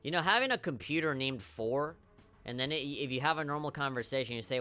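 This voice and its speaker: A man's voice: medium pitch, quick pace, bright, forceful tone. Wry profane male streamer. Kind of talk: live gameplay commentary.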